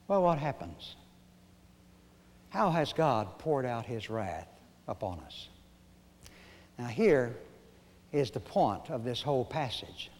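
An older man preaching a sermon, moving between folksy storytelling and emphatic, slow points with dramatic pauses. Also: medium pitch, very animated, darkish tone, in a large hall. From Arkansas, USA. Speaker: pastor.

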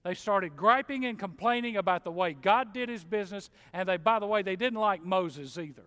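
A middle-aged man preaching a sermon in a church, folksy and animated, mimicking grumblers. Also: high voice, fairly quick. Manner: animated, folksy, mocks complainers in mimicking voices. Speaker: pastor. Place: church sanctuary. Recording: long hall reverb.

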